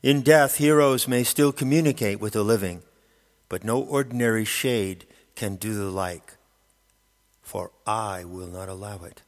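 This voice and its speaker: A man voicing a regal, wistful queen of the dead in an audiobook, his tone husky and measured, with a long reverb on the recording. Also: on the low side. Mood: pensive. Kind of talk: audiobook character reading.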